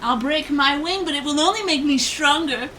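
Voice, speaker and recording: A woman's voice: high-pitched, normal speed, sharp tone, slight background noise, pitched above the performer's own voice. A woman voicing a proud, dignified winged female creature in a tabletop game, speaking in a defiant, theatrical way.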